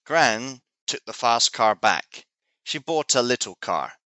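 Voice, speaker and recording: Man, teacher reading aloud, very slow, bright tone, dry close sound. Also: mid-range voice, expressive, dry recording. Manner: slow, clear, deliberate reading. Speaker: English teacher. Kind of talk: children's storybook read-aloud.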